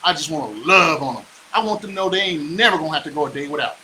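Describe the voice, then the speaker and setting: Middle-aged man, motivational live-stream host, boastful and charged up, fairly high and bright, faint hiss behind. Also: lively intonation, rapid-fire, poor audio. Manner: boastful, fired-up, preachy, with whoops. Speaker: real estate investor hosting a live stream.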